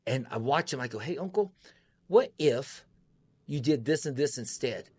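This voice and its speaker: An animated man telling his story as an interview guest. He keeps jumping into the voices of the people he quotes. His pitch sits in the middle range, and the recording is dry and close. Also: normal speed, slightly rough, dry recording. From United States.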